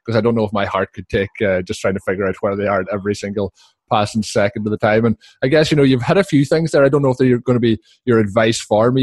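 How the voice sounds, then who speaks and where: A man hosting a casual interview, who fills his pauses with "uh" and laughs as he talks. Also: lowish voice, darkish tone, dry recording, clean studio sound. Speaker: podcast host.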